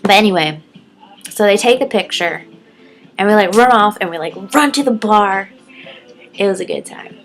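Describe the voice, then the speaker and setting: A woman's voice: animated, normal speed, pauses often, poor audio. Chatty young woman vlogging, giggly. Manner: chatty, giggly, lots of "like" and "um", acts out quotes in a high voice. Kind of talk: casual storytelling vlog.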